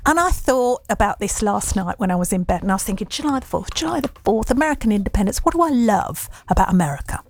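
A woman's voice: mid-range voice, lively intonation, fast, few pauses, no room sound. Bubbly woman radio breakfast host. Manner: bubbly, laughs often, chatty asides to the producer. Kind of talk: lively breakfast radio chat. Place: radio studio. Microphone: studio microphone.

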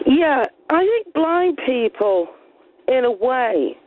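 A woman calling a radio phone-in, speaking slowly and hesitantly as she makes a thoughtful point. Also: sits high, sing-song. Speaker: caller. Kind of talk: phone-in call. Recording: phone line into radio show.

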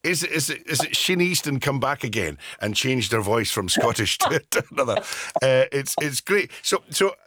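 A male radio host leads the interview with eager, effusive praise. His voice moves animatedly up and down in pitch, recorded close and dry. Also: sing-song, moderate pace, bright, forceful tone, dry recording.

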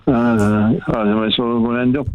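A man's voice: mid-range voice, level tone, a little fast, no room sound. Guy calling in on the phone, tinny line, agreeable short answers. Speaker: caller. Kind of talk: casual phone-in chat.

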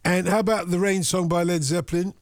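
A man hosting a late-night radio phone-in, joking in a dry, deadpan way from a studio mic. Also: high voice, a little fast, no room sound. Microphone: studio microphone.

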